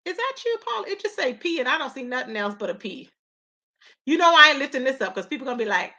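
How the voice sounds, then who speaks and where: A woman hosting a casual live-stream gossip chat, animated and full of loud exclamations. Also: high voice, fast talker.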